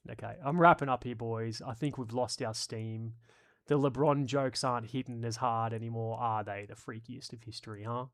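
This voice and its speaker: A man hosting a live stream, reading viewer comments out loud and joking around in a casual, profane, rambling way. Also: mid-range voice, steady tone, moderate pace. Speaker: streamer host.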